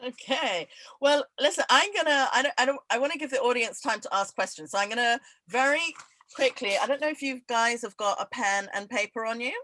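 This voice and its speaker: A woman's voice: a little high, bright, forceful tone, dry recording, rough recording. Laughing woman hosting a quiz. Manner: laughs often, repeats questions slowly. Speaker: event host running a quiz. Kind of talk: casual online event chat.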